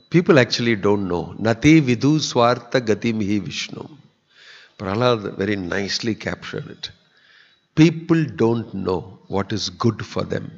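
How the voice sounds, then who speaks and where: A man giving a sermon in a temple hall, earnest and conversational. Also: fairly low pitch. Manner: earnest, conversational, acts out quoted people. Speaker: spiritual teacher giving a discourse. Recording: dull lo-fi audio with long hall reverb.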